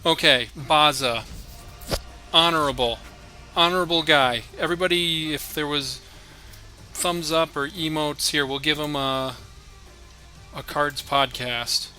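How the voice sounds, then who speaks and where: Bright-voiced man streaming a card game. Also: fairly high pitch, steady tone, a little slow, long pauses, soft background music. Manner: thinks aloud, chatty, talks to opponent and chat. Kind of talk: live game commentary.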